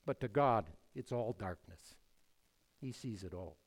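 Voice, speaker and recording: A man preaching a sermon, swinging between hushed lines and loud emphatic ones. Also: lowish voice, animated, unhurried. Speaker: pastor.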